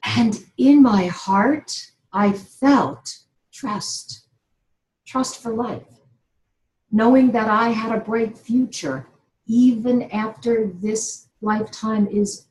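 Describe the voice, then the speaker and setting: A middle-aged woman speaks earnestly and with feeling, sharing a personal story as a motivational talk. Her voice sits at an ordinary pitch, and the room around her has a noticeable echo. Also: darkish tone. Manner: earnest and emotional, laughs between words. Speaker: inspirational speaker. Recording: roomy echo.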